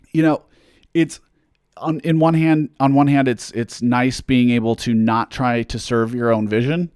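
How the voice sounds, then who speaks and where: A man's voice: mid-range voice, a little mellow, clear, resonant tone, no echo, studio quality. A man chatting casually on a livestream, answering fan questions in a rambling way, with lots of fillers and self-deprecating jokes.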